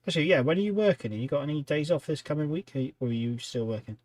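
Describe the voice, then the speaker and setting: A man's voice: fairly high pitch, expressive, fast talker, a little mellow, no room sound. A tired man hosting a hobby livestream, chatting casually and rambling with lots of ums while he paints. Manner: rambling, chatty, many ums and restarts, reading out chat.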